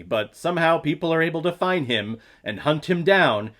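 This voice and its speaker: A man's voice: fairly high pitch, expressive, fairly quick, hardly any pauses, a bit bright. A man reviewing a movie in a casual, jokey vlog style with plenty of fillers.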